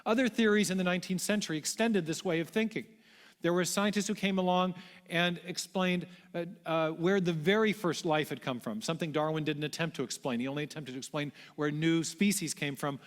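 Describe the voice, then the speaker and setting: A man giving a public lecture to a large audience, telling history in a measured way with frequent restarts. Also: a little high. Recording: long hall reverb.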